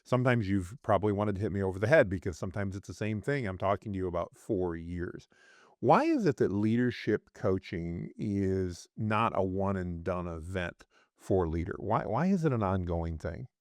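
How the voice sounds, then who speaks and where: A man's voice: deep voice, lively intonation, moderate pace, no room sound, studio quality. A man hosting a podcast interview, asking his guest questions in a friendly way. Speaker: podcast host.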